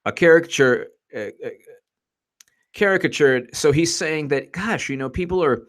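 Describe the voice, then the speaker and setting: A man's voice: a little high, animated, moderate pace, a bit bright. A male host delivers offhand political commentary in a meandering, mocking way. He restarts sentences often and slips into jokey impressions before laughing them off. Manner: rambling, sarcastic, stumbling restarts. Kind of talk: casual livestream commentary.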